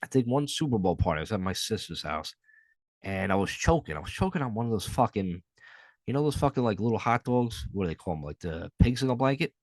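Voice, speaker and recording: A man's voice: fairly low pitch, sing-song, fast, no room sound. A young adult man hosting a podcast solo, telling a rambling, profane story in a casual way. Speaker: podcast host.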